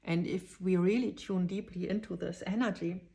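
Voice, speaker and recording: A woman giving a dreamy, spontaneous channeled tarot reading, drifting into whispers and excited exclamations. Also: lowish voice, moderate pace, creaky, breathy edge. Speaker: tarot reader.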